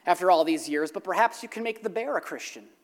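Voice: mid-range voice, fast, lightly acted. A preacher doing a cornered atheist bargaining. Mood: sheepish. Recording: long reverb of a large hall.

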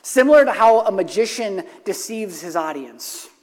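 Brief: an earnest male pastor with a high voice, preaching a sermon in a reverberant church sanctuary. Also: animated, moderate pace. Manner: earnest, repeats key phrases for emphasis. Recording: long hall reverb.

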